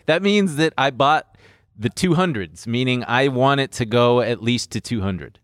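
A man's voice: mid-range voice, animated, a little slow, a bit bright, dry recording, clean studio sound. A young man hosting a casual podcast, joking around and rambling as he explains his trades. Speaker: podcast host. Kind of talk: casual crypto chat. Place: studio.

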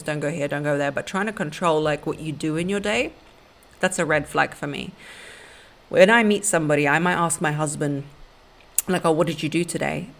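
A young woman hosting a podcast, giving blunt, sassy relationship advice and calling listeners honey and baby. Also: low-pitched. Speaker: podcast host. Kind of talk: casual advice monologue.

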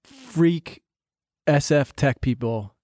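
A man's voice: fairly high pitch, drawn-out words, mellow, dry recording, studio quality. A man from New Jersey co-hosting a podcast, easygoing and wry in casual chat. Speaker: podcast co-host.

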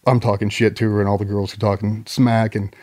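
A man's voice: lowish voice, little pitch movement, brisk, darkish tone. A man telling rambling, profane anecdotes as a podcast guest in casual conversation. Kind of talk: casual storytelling.

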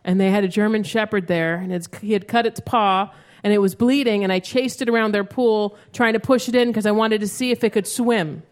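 A middle-aged woman doing a stand-up comedy set, telling stories in an animated way with loud outbursts, on stage before a live audience. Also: medium pitch, fairly quick. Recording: faint crowd and room noise.

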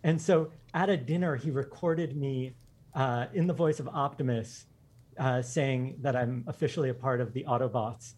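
Guesting on a podcast, a man with a medium-pitched, slightly rough and somewhat mellow voice speaks with fairly even intonation. He rattles off enthusiastic personal anecdotes in a casual interview, laughing frequently.

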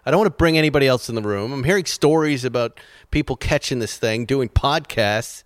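A man hosts a casual podcast, rambling along in a smooth, resonant voice and laughing often. The sound is dry and close to the mic. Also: medium pitch, fairly quick, no room sound. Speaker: podcast host. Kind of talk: casual chat.

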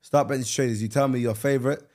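Fast-talking wry podcast host man. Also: mid-range voice, steady tone, darkish tone. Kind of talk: casual banter.

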